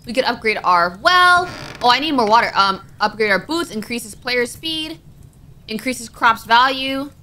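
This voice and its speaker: A young woman chatting through a game as she plays, bright and lively, her pitch leaping around as she startles and squeals. Her voice sits a little high, with a faint hiss of noise underneath. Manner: jumpy and excitable, quick to panic and squeal. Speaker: gaming YouTuber. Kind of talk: let's-play commentary.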